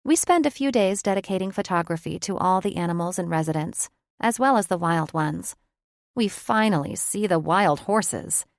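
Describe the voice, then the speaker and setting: Close to the mic, a woman narrates a first-person audiobook in a reflective, conversational manner. Her voice is lowish and gravelly with lively intonation, delivered at a moderate pace in a dry recording.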